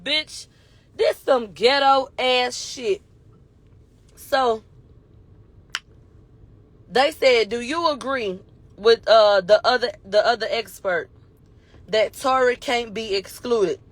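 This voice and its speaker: A woman with a high voice recaps a courtroom day in loose, slangy storytelling. She strings quotes together in a rapid he-said chain. The sound is dry and close. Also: dry recording. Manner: animated, slangy, retells quotes in a running he-said chain. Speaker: commentator recapping a trial.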